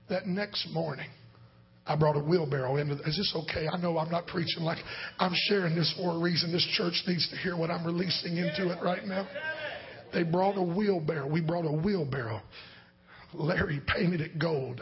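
A man pastor preaching a sermon as a story, swinging between loud shouted lines and hushed whispers. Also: fairly high pitch, fairly even intonation, a little fast. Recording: dull lo-fi sound.

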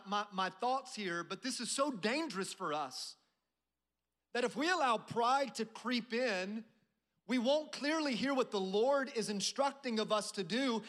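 High-voiced male pastor preaching. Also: a bit bright. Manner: preaching with call-and-response prompts; acts out a proud general's complaints. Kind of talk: sermon.

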